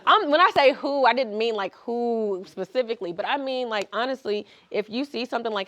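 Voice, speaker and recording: Animated woman giving a casual meetup talk. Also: on the high side, fairly quick, hardly any pauses, muffled recording. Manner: animated, conversational, acts out questions. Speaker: guest speaker. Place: meetup room.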